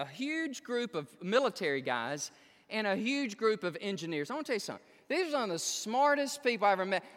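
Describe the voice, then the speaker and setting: A man's voice: high voice, a bit bright. Brief: male preacher telling a story with humor, repeating his words, voice echoing through a big sanctuary. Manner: storytelling, self-deprecating humor, stammered restarts. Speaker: pastor. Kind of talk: sermon. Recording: long reverb of a large hall.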